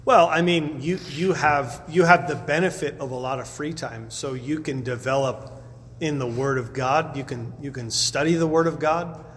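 A man's voice: medium pitch, normal speed, fairly bright tone. A male pastor preaching in a conversational way, often repeating words as he answers questions. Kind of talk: sermon with Q&A. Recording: reverberant hall with faint background noise.

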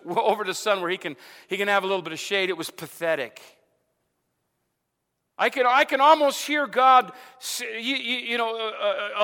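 An Arizona pastor works through his sermon in a relaxed, conversational style, repeating words and saying "amen" often. His high voice is bright and forceful, trailing a long reverb.

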